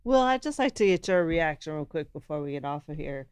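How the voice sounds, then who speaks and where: A woman's voice: sits low, very animated, a little fast, darkish tone, smooth. A woman co-hosting a political show, chatting casually as she reads news out. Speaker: co-host.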